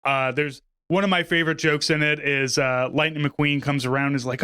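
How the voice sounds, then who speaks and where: A man in his thirties co-hosts a podcast in a loose, rambling, self-deprecating way, swearing now and then. His voice is smooth and resonant and sits a little high. The recording is close and dry. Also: fairly even intonation, fairly quick, few pauses, bright, forceful tone, no room sound. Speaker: podcast co-host. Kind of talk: casual chat.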